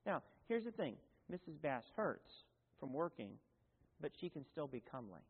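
A man preaches, his voice sitting high for a man. He talks in a folksy, chatty way, full of asides and restarts. The sound is thin and phone-like, ringing in a long-echoing hall. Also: very animated, moderate pace, slightly rough. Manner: folksy and conversational, with asides and self-corrections. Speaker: pastor. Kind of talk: sermon.

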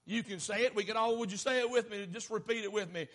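A man preaching a fervent sermon, swinging from shouted lines down to low, quiet ones. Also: quick pace.

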